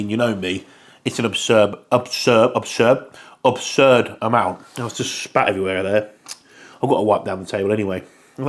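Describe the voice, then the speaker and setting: Young guy rambling on about his food, chatty, swears a bit. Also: fairly low pitch. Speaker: fitness vlogger. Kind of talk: casual chat to camera.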